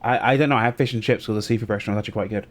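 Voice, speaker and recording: A man's voice: lowish voice, steady tone, racing. Chatty British man telling an anecdote. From Britain. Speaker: podcast co-host. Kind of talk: casual chat.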